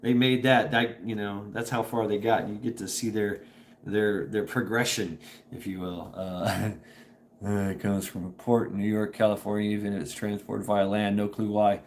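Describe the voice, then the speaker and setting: The man's fairly low voice stays level at a normal speed as he hosts a casual chat livestream from inside his home. Rambling, laughing a lot and swearing freely, he's captured by a camera propped on a table, with slight background noise.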